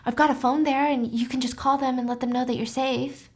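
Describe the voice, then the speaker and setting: A woman's voice: sits high, flat delivery, a little fast, darkish tone. A woman voicing an obsessive, clingy young man in a casually retold story, speaking in an earnest, protesting way.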